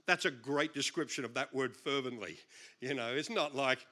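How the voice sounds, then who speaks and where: An Australian-accented pastor preaches a sermon in a medium-pitched voice at a fairly quick pace. Animated and chuckling often, he reads scripture aloud and jokes with the congregation.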